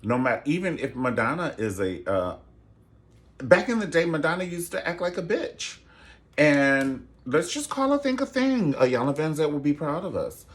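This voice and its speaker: A man hosting a casual gossip commentary show, sassy and theatrical, jumping into high falsetto exclamations. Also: big pitch swings, moderate pace. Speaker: show host.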